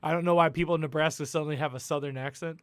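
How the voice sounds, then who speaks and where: A man's voice: on the high side, steady tone, very fast, fairly bright tone, smooth, no room sound. A man hosting a casual sports podcast, rambling and chatty, laughing often. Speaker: podcast host.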